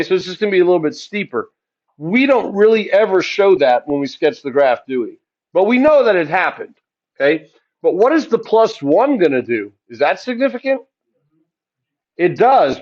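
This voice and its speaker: A man teaching a math lesson, asking the class questions and answering them himself in a relaxed, chatty way. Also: high-pitched, highs cut off. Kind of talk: classroom lecture.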